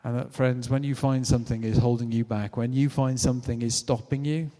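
A British man preaching a sermon in a chatty, animated way, acting out quotes as he tells stories. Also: mid-range voice, fairly quick, long reverb tail. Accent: British English. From Britain. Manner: conversational, animated storytelling with acted-out quotes.

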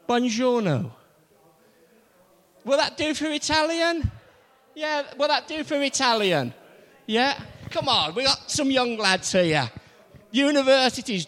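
Male preacher, high animated voice, playful quizmaster, church reverb. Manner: playful, quizzing the audience. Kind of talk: interactive sermon with congregation.

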